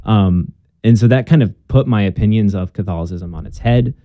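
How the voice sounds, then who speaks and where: A man's voice: lowish voice, a little fast, no echo, highs cut off. A young man telling his conversion story in a casual interview, earnest and chatty with plenty of fillers and restarts.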